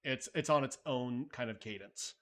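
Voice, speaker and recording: A man's voice: medium pitch, moderate pace, a bit bright. A man hosting a live stream, chatting loosely and thinking aloud while answering viewer messages, with casual swearing. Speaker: livestream host.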